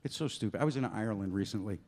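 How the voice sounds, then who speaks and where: A man's voice: lowish voice, very fast, creaky, a little mellow. A man doing stand-up on a comedy club stage, talking loosely and crudely with the crowd.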